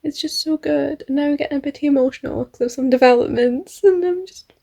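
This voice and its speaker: A woman's voice: high voice, brisk, vocal fry, dark tone. A young woman vlogging about her reading, chatty and gushing, with lots of fillers and little laughs. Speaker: book vlogger. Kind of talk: casual reading vlog.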